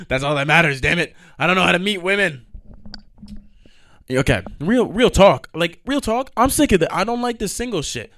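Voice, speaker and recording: A man's voice: high-pitched, lively intonation, moderate pace, bright, forceful tone. Young man ranting, exasperated and profane. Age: young adult. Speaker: podcast host. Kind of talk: solo podcast rant.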